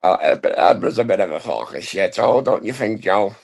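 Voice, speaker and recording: A man on a stream call putting on a gruff, throaty voice, teasingly calling the host "lad". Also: on the low side, expressive, fairly quick, darkish tone, heavily acted. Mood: provocative. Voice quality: gravelly, throaty. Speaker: caller on a live stream.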